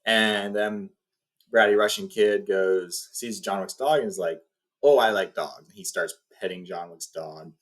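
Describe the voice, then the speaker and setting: A man with a fairly low voice retells a film plot in casual, rambling fashion. He restarts lines and leans on fillers as he goes. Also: steady tone, unhurried, a bit bright. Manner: rambling, filler-heavy storytelling. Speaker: video host.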